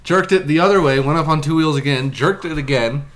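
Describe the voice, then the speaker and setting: A man's voice: on the high side, fairly quick, fairly bright tone. Laughing, swearing young man telling a story. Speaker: podcast host telling a story. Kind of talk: casual chat.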